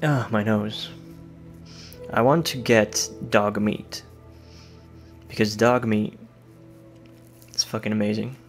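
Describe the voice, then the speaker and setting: A man's voice: lowish voice, steady tone, slow pace, pauses often, soft background music. A man giving casual let's-play commentary, joking and rambling and swearing freely as he plays. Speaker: gameplay commentator.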